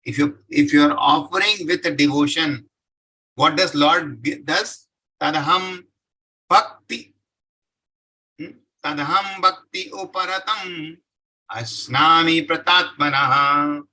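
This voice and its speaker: A man's voice: fairly high pitch, slow pace, long pauses, bright, forceful tone, poor audio. A man giving a devotional scripture lecture. He recites Sanskrit verses, then explains them, and keeps asking his listeners questions that he answers himself. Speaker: scripture class speaker.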